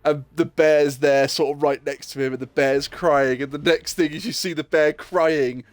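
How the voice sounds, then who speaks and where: A man's voice: fairly high pitch, fairly even intonation, normal speed, no room sound. A man in casual gaming chat who tells funny stories and acts out the lines he quotes.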